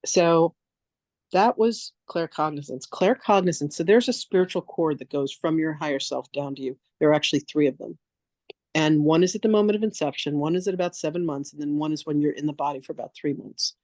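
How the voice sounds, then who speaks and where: A woman's voice: low-pitched, brisk, no room sound. A woman teaching a spiritual masterclass, telling stories casually and frankly and acting out the voices she quotes. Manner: lively, casual storytelling that acts out quoted voices; frank, with the odd swear word. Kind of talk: storytelling masterclass talk.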